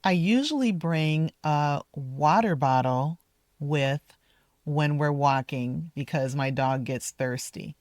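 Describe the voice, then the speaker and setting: Slow, careful woman teaching pronunciation. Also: low voice, a little mellow, no room sound, studio quality. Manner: deliberate, repeats model words slowly. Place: outdoors in a park, walking with her dog.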